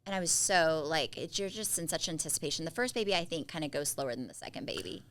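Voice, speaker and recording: A woman co-hosting a podcast, chatting casually and telling animated stories. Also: deep voice, fast talker. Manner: chatty storyteller, animated quotes. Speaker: podcast co-host. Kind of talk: casual chat.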